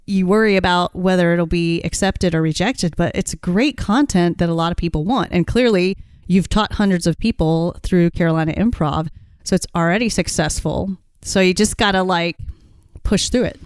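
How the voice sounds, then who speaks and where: A woman's voice: lowish voice, moderate pace, clear, resonant tone, dry recording, studio quality. A woman co-hosting a podcast in casual chat, encouraging and coaching her co-host. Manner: encouraging, coaching tone, pushes the other to act.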